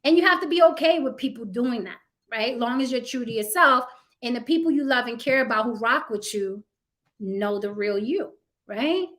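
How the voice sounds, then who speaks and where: A woman's voice: on the high side, lively intonation, normal speed, a bit bright. A woman hosting a live stream, talking bluntly and emphatically to her chat, with plenty of swearing. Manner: addresses chat and moderators directly. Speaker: livestream host.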